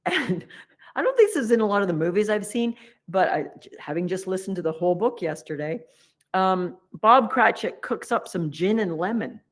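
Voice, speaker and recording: A woman meditation teacher giving a humorous dharma talk, retelling a story in a chatty, animated way and playfully acting out its characters. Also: mid-range voice, normal speed.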